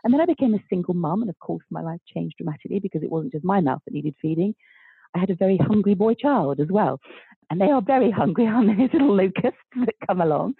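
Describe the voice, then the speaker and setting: Husky bubbly woman on a thin line. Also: medium pitch, fast, no echo. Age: 50s. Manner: animated, bubbly, acts out quoted dialogue. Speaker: guest author. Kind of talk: interview storytelling. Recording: thin phone-like line, dry.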